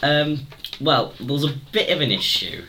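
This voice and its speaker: A man's voice: mid-range voice, lively intonation, a little slow, background noise. A man voicing an undead male halfling prisoner with a Liverpool accent, cheeky and apologetic. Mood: sheepish. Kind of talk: improvised tabletop role-play.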